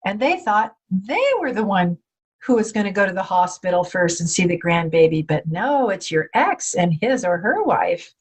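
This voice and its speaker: A woman speaking as a podcast guest, telling faith stories in lively conversation and acting out the voices she quotes. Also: medium pitch, moderate pace, breathy edge. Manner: animated storyteller, acts out quoted voices.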